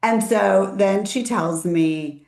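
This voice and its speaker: A middle-aged woman hosting an interview, telling stories in a lively, chatty way and acting out what people said. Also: slow pace, vocal fry. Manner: animated storyteller, acts out quotes with big pitch swings. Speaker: interview host, IVF parent. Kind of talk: casual interview chat. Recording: roomy echo.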